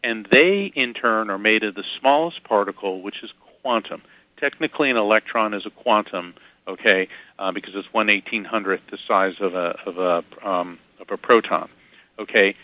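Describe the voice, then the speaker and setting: A man guesting on an interview, telling lively anecdotes with quick asides and chuckles. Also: fairly low pitch, rough recording. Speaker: guest psychic medium. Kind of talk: casual interview storytelling.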